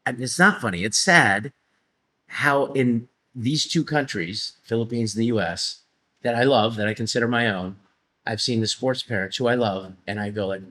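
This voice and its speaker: A man's voice: medium pitch, normal speed, pushed and bright. A man, a coach and guest, answering thoughtfully, hedging and often checking in with "right?". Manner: thoughtful, hedging, repeats phrases and tag "right?". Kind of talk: casual conversation.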